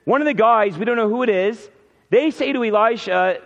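A man's voice: high voice, normal speed, creaky, fairly bright tone. A man preaching a sermon in a casual, conversational way, acting out the lines of biblical characters. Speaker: pastor. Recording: reverberant, dull hall sound.

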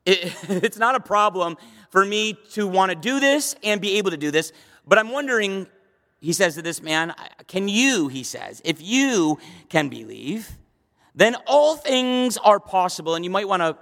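A middle-aged man preaching as pastor, with emphatic delivery that climbs to urgent high bursts. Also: fairly bright tone. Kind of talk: sermon. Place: church sanctuary. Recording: long reverb of a church hall.

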